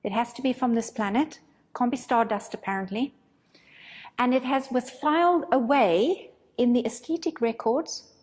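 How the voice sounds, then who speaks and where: Breathy woman recounting, echoing hall. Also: on the high side, normal speed. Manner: animated, dramatizes her own thoughts. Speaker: spiritual course teacher. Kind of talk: casual storytelling.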